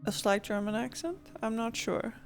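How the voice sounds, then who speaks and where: A woman's voice: fairly high pitch, lively intonation, moderate pace, soft background music. A woman streamer giving wry, joking commentary during a live game playthrough. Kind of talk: casual live gameplay commentary.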